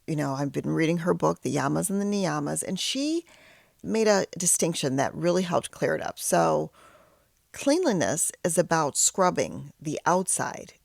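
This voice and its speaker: A woman host and yoga teacher in training, telling a personal story and teaching in a candid, self-deprecating conversational way with quiet whispered asides. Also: low-pitched, sing-song, normal speed, creaky, dry recording, clean studio sound.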